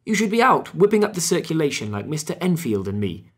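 Man voicing an excited, husky Victorian lawyer. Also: a little high, a little fast, voice pushed up. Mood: urgent. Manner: eager, raised voice. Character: agitated Victorian gentleman lawyer, urgent.

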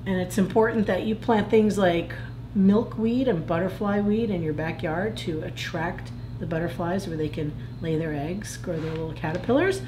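A woman librarian reading picture books aloud to children as a playful, animated storyteller. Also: lowish voice. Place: museum room. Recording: echoey room with faint noise.

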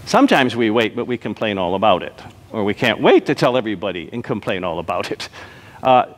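A male pastor preaching a sermon, telling a joke story, then slowing down to stress key phrases. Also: lowish voice, expressive. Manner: storytelling with punchlines, slow emphatic repetition. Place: church sanctuary. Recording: long reverb of a church hall.

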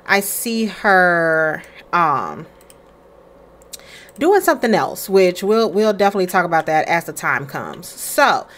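A young woman talks her way through a life-simulation game, friendly and chatty, calling out to her viewers as she plays. Her pitch jumps around a lot, swooping up and down from line to line. She slips in and out of quick little voices for her characters. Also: big pitch swings, fairly bright tone. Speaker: gaming creator playing a life-simulation game. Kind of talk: casual let's-play commentary.

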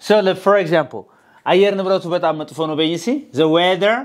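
Man, Ethiopian accent, Amharic native, English teacher, very rapid, coaxing classroom drills. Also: high voice, fairly even intonation. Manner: coaxing, drills students to repeat words. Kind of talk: classroom English lesson, call and response.

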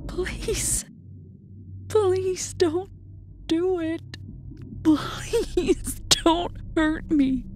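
A woman's voice: very slow, long pauses, darkish tone, a little hiss or hum, full character voice. A woman voicing the narrator's terrified double, pleading through tears in a crying voice in a storybook horror tale. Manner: pleading, crying, high-pitched.

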